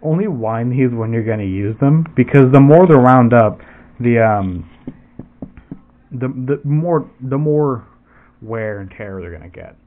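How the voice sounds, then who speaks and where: A man's voice: mid-range voice, animated, measured pace. A man casually demoing airsoft gear, rambling and swearing with lots of restarts. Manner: rambling and profane, with frequent restarts. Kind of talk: casual product demo. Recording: tinny phone-like audio with faint noise.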